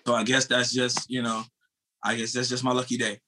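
An American man in his thirties talks briskly in a medium pitch as he tells a story from his sprinting career. He's animated and loose, dropping swear words and calling the host bro.

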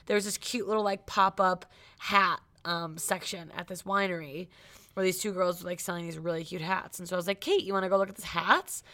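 A young woman co-hosting a podcast, telling a story in casual chat, animated and laughing often. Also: fairly low pitch, fairly quick. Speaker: podcast co-host.

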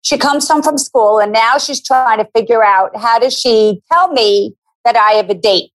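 A woman's voice: fairly high pitch, moderate pace, rough recording. A middle-aged woman telling a story to a podcast host in casual chat, acting out the quoted voices as she goes. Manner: animated, acts out quoted voices. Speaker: guest.

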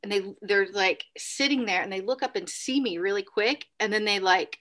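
A woman recounts a spooky hotel stay in relaxed, rambling talk, leaning on "like" and "right?". Her voice is bright and clear at a middling pitch, and she jumps high when she acts out a cry or a quote. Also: normal speed. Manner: animated, acts out quotes with sudden high bursts; many fillers like "like" and "right?". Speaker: podcast guest. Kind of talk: casual storytelling.

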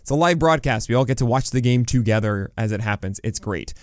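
A man hosting a casual podcast, chatty and animated, rattling off stat lines with self-mocking asides. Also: mid-range voice, a little fast, no echo, clean studio sound. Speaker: podcast host. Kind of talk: casual podcast talk on fantasy baseball.

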